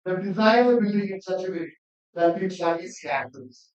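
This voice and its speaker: A man's voice: high-pitched, animated, a little fast, a little mellow. A man, an academic lecturer, giving a conference presentation in an earnest manner that builds to emphatic appeals. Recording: distant mic in echoey hall, dull sound.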